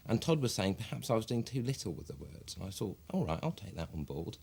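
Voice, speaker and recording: A deadpan, clueless publisher. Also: male voice, on the low side, gravelly, husky, exaggerated voice. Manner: deadpan, halting, earnestly literal. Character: deadpan earnest male publisher, clueless amateur actor. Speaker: publisher and amateur actor being interviewed. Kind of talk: mock documentary interview.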